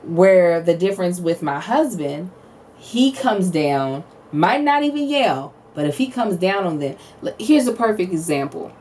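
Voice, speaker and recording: A woman in her thirties co-hosting a podcast, telling animated family stories, acting out quotes and laughing often. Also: on the low side, measured pace, recorded from a distance, a little hiss or hum. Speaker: podcast co-host. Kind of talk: casual chat.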